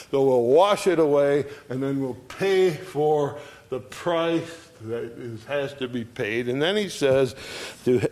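A man teaches an adult Bible study class slowly and conversationally, acting out short pieces of quoted dialogue as he explains. His voice is medium-pitched with a darkish tone.

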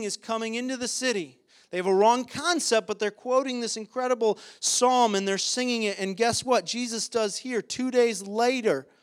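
A man preaching a sermon as pastor, impassioned and emphatic, with frequent hesitant fillers between points. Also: extremely high pitch.

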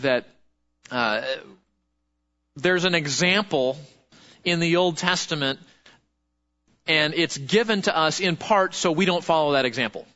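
A man preaching a sermon as pastor, lively and conversational, asking the congregation questions. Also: a little high, dull audio.

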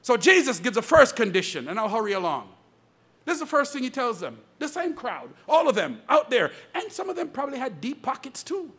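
High, husky, fervent preaching man. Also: sing-song, brisk, a bit bright. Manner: fervent preaching, calls out to the congregation. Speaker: pastor. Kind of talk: sermon. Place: church pulpit.

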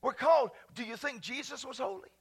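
A man pastor preaching a sermon, dropping to quiet asides and then rising to loud, ringing exclamations. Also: very high-pitched, lively intonation, a little fast, breathy edge.

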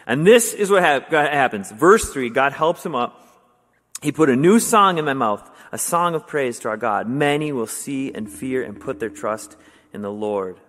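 Speaking at a moderate pace in a mid-range voice, a young man from Wisconsin in the US preaches a casual, conversational sermon full of fillers. He grows animated when telling stories, and a long hall reverb trails his words.

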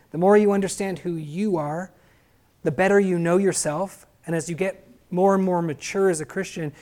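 A man preaching a sermon, putting stress on his words, slowing on key phrases and putting questions to his listeners. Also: high-pitched, dark tone. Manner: emphatic, asks the listeners rhetorical questions.

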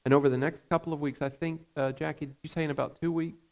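Gravelly-voiced man preaching a sermon. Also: a little high, fairly even intonation, darkish tone. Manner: earnest, measured preaching with frequent fillers. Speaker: pastor.

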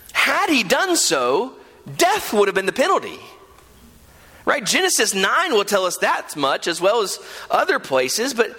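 Man preaching a sermon, high voice that swings all over, earnest, keeps saying right?, echoey hall. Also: bright, forceful tone. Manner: earnest, emphatic, with frequent rhetorical "right?". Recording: long hall reverb.

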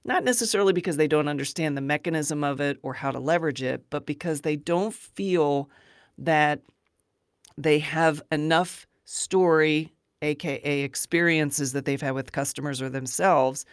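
A podcast host talking in a relaxed, reflective way during an interview. The voice sits at a middle pitch and is recorded dry and close, with no room sound. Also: normal speed, smooth, dry recording.

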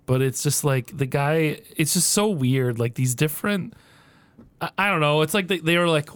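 A man co-hosting a casual podcast, his voice at an ordinary middle pitch. He talks in halting stops and starts and laughs through his words. The mic sounds close and dry, with no room around it. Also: no echo. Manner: halting, laughs while talking. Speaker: podcast co-host. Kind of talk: casual chat.

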